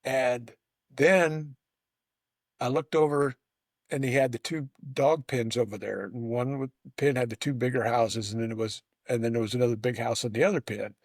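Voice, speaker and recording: A man's voice: medium pitch, steady tone, moderate pace, dry recording, studio quality. A man hosting a casual conversation, telling a long rambling story with frequent restarts and stammers. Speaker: host.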